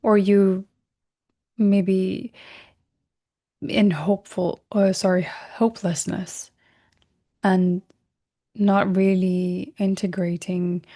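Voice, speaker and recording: Leading a recorded self-help workshop, this woman speaks slowly in a lowish, flat voice, leaving long pauses. She's gentle and reflective, revising herself mid-sentence and whispering softly on key words.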